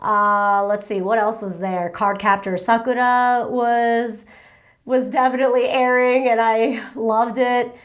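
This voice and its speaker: Woman, 30s, from the US, giggly Q and A host, slightly high voice. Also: flat delivery, measured pace. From United States. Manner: chatty and giggly, reads questions aloud. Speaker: YouTuber answering viewer questions. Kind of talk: casual Q and A chat.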